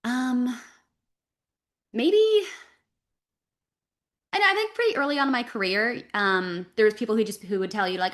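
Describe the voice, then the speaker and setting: Woman, from Canada, voice actress, interview guest, animated, filler-heavy casual talk. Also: a little high. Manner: animated, talks in quick runs with fillers.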